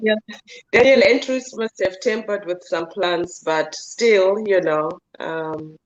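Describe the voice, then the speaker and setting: Woman chiming in on a chat, lowish voice, laid back, muffled lo-fi audio. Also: slow. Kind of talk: casual chat. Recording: dull lo-fi sound.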